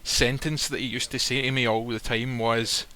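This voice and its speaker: Bright-voiced man telling a blunt story. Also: medium pitch, little pitch movement, normal speed. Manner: blunt, swears freely, acts out quoted lines. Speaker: guest telling a personal story. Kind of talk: casual storytelling. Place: live stream recording.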